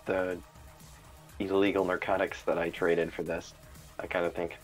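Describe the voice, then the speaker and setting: A man's voice: deep voice, level tone, normal speed, faint music behind. A man taking part as a player in a tabletop game, speaking in a laid-back way. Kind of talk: tabletop role-play.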